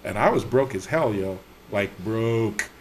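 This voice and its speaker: A man's voice: lowish voice, a little slow, a little hiss or hum. A man, a TV writer, telling stories in a casual interview, acting out the people he quotes, laughing and swearing freely. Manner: animated, acts out quoted dialogue, laughs often; slangy, salty talk. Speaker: TV writer and producer, podcast guest.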